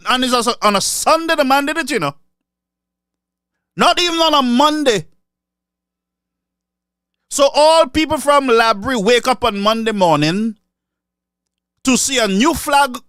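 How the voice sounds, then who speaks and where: A man's voice: sits high, a bit bright, dry recording, clean studio sound. A man with a Saint Lucian accent giving a mocking political commentary monologue, switching between English and Creole. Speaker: online commentator.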